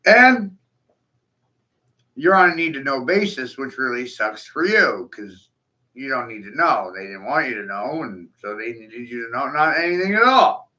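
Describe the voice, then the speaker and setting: A man's voice: mid-range voice, very animated, moderate pace, sharp tone. A man in a profane, mocking rant, taunting his listeners and breaking into scornful laughs. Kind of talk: ranting monologue. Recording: dull lo-fi recording.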